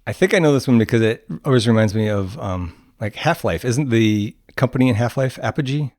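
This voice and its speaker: A man co-hosts a relaxed podcast chat. He hesitates, restarts his phrases and laughs easily. His voice sounds dry and close. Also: mid-range voice, brisk, dry recording. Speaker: podcast co-host. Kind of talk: casual chat.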